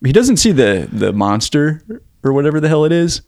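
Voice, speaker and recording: A man's voice: fairly high pitch, sing-song, a little fast, a little mellow, no echo, clean studio sound. A man co-hosting a film podcast, recounting plot points with wry, profane asides. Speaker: podcast co-host. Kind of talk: casual chat.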